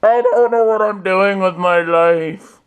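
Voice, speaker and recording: A man's voice: sits high, unhurried, clean tone. A young man vlogging casually on his own at home, rambling and self-mocking, swearing freely. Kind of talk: casual solo vlog.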